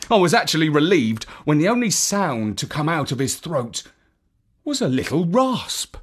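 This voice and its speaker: A woman reading a children's story aloud in an expressive storytelling manner. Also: low voice, normal speed, breathy edge.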